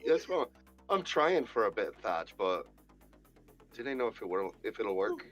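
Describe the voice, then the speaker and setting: A man's voice: lowish voice, very animated, measured pace, fairly bright tone, soft background music. A young man in casual stream chat, dry and self-deprecating. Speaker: co-host, builder.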